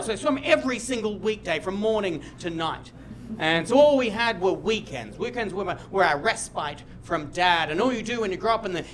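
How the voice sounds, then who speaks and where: Animated high-voiced Australian comedian. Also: male voice. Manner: animated, jumps to loud shouts when acting out his dad. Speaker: stand-up comedian. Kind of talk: stand-up storytelling. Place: comedy stage before a live audience.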